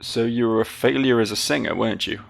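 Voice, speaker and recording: A curious young heroine questioning a suspect, read by a British man. He lifts his gravelly voice only slightly and keeps the questions probing. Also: medium pitch, quick pace.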